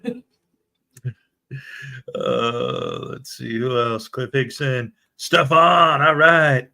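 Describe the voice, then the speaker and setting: Bright-voiced joking man hosting a livestream. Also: mid-range voice, very animated, slow, gravelly, long pauses. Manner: jokey, chatty, reads viewer comments aloud. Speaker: livestream show host. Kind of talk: casual morning livestream chat.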